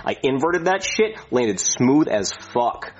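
A man's voice: mid-range voice, sing-song, takes it slowly. A man voicing a reckless, crude male airline pilot who rambles and brags, in muffled lo-fi audio. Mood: boastful. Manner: rambling, crude, cheerfully boastful.

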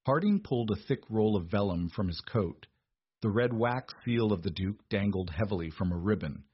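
A man narrating an audiobook in an even, measured storytelling manner. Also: lowish voice, husky, dry recording, dull audio.

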